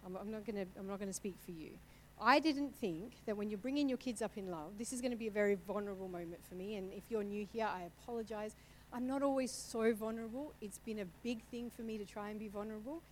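A middle-aged woman giving a heartfelt personal talk in a church, candid and conversational. Her voice sits at a middle pitch, with a faint hum of noise in the background. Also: fast, rough recording. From Italian family background. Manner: candid, conversational, emotional at times. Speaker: church speaker.

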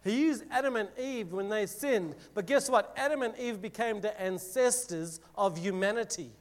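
A man leads a casual Bible lesson for a group, his voice pitched high. He reads the scripture aloud with drama, then breaks it down in everyday words, with plenty of "like" and "right?". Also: moderate pace. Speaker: youth preacher. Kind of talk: Bible teaching talk to a group.

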